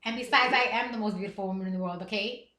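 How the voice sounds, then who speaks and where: A woman's voice: mid-range voice, very fast, bright, forceful tone. A woman in her thirties hosting a livestream, chatting candidly and laughing often. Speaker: livestream host. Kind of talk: casual chat. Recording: echoey room.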